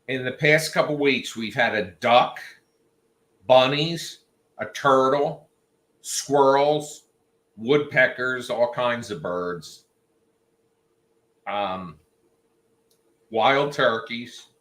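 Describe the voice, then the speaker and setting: Guy chatting on his stream, slow easy storyteller, bright tone, echoey room. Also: medium pitch. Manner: chatty storyteller, jokey asides. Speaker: livestream host. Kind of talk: casual rambling chat to viewers. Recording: roomy echo.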